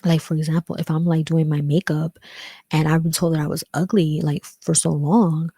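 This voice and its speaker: A woman talking candidly about growing up, rambling with many fillers and acting out other people in a higher voice. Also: level tone, moderate pace, warm tone, breathy edge, no echo. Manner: rambling, frequent "like" and "um", acts out quoted voices higher. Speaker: vlogger. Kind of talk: personal reflective talk.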